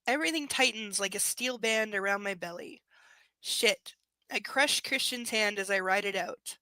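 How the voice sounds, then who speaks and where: A woman's voice: on the high side, normal speed, bright, forceful tone, dry recording. A young woman reading a romance novel aloud live, breaking off for sarcastic, profane commentary. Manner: snarky, profane commentary between passages. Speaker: book reader.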